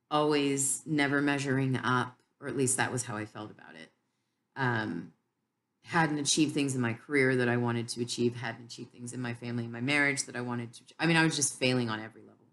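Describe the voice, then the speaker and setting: A woman giving an earnest, heartfelt Bible teaching about her own life, with frequent pauses. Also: very deep voice, a bit bright. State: tearful. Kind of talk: personal devotional teaching.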